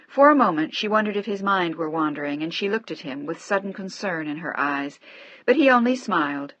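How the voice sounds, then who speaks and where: Woman narrating a romance novel, low and measured. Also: dry recording. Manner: measured, steady. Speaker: audiobook narrator. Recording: dry, slightly dull audio.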